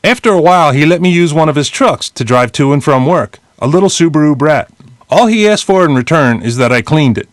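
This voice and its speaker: A man in his fifties from New Jersey, reading his own memoir as an audiobook in a blunt, lively storytelling way with casual swearing. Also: on the high side, a little fast, no echo, studio quality. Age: 50s. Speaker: memoir narrator.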